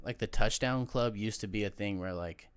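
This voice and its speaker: A young man co-hosting a podcast, telling an animated, swearing story and acting out the people in it. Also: fairly low pitch, normal speed, clean tone. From Aloha, Oregon. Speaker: podcast co-host. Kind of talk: casual chat.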